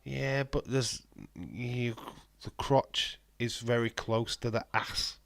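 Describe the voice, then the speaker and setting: A man's voice: medium pitch, steady tone, slow pace, creaky, no room sound. A man hosting a live watch-along stream, chatting casually and joking as he reads out and answers comments from his viewers. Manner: joking banter reading out chat.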